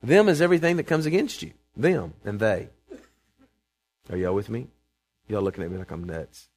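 A man, preaching a sermon to his congregation, emphatic and calling for responses, swinging between loud proclamations and quiet asides. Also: on the low side, expressive, moderate pace. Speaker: pastor. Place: church sanctuary before a congregation.

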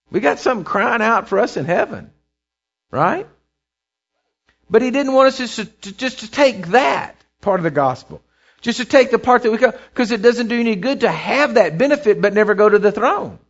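A man preaching a sermon as pastor, building intensity with repeated phrases and dropping low for emphasis. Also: fairly bright tone, highs cut off.

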